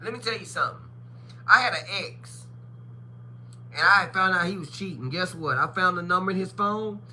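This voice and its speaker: A woman's voice: on the low side, moderate pace, bright, forceful tone, a little hiss or hum. A woman chatting casually on a livestream, telling blunt, profane stories and acting out the voices of people she quotes. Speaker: livestream co-host. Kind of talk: casual chat.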